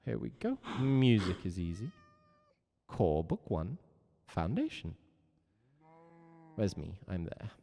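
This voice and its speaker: A man teaching a live-streamed music lesson, playful and chatty, jumping up into high meows and moos. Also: big pitch swings, slow, gravelly, long pauses, warm tone, in a large hall. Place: home room with a cello on the wall.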